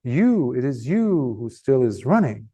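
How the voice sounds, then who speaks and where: A man voicing a calm, unshakable sage who speaks slowly and with measured weight. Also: medium pitch, breathy edge, voice pushed down. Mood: serene. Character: serene elderly male sage, calm and unshakable.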